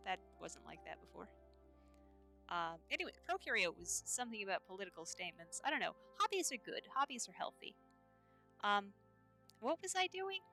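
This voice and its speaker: A woman's voice: medium pitch, big pitch swings, brisk, creaky, sharp tone. A woman streamer chatting in character during a game, scattered and rambling as she talks to her chat. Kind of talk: in-character roleplay chat while gaming. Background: faint background music.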